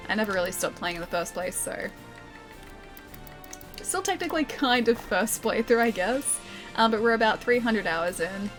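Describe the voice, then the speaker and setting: A woman's voice: mid-range voice, expressive, moderate pace, long pauses, soft background music. A young Australian woman streaming a game, chatting casually with her chat and laughing often.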